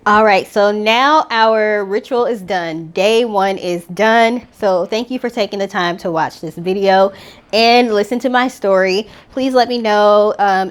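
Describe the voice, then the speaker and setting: In relaxed, everyday speech, a middle-pitched woman takes viewers step by step through a spiritual healing ritual. She keeps a gently instructive, unhurried tone and reads her affirmations slowly and deliberately.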